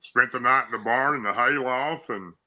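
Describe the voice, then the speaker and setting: A man's voice: medium pitch, normal speed, pushed and bright, rough recording. Older farmer grandfather, plainspoken and matter-of-fact, voiced by a man telling the story. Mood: reassuring. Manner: plainspoken, unbothered, folksy.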